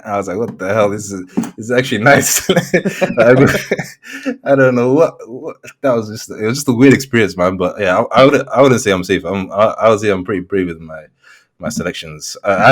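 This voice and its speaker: Young man, lowish voice, animated podcast storyteller, laughs a lot. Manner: animated storyteller, laughs often, many restarts. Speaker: podcast co-host. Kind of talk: casual chat.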